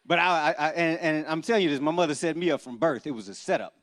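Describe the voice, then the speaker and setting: A man, doing a stand-up comedy set on a church stage before a live audience, telling stories in an animated, punchy way with sudden loud bursts. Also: fairly high pitch, fairly quick.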